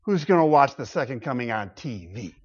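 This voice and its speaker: A man preaching a sermon, emphatic, swinging between loud exclamations and quiet low asides. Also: big pitch swings, fairly quick, slightly rough, muffled recording.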